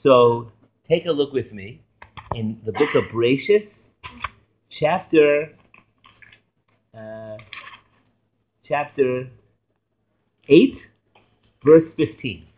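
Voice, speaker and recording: A man, a rabbi, teaching a Torah class in a lively way, quizzing and joking with his students. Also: medium pitch, very slow, pauses often, phone-quality sound.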